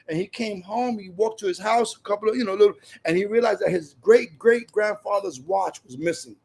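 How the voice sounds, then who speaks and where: A man's voice: sits high, creaky, slightly rough. A man giving a passionate, repetitive personal share at a recovery meeting, telling stories.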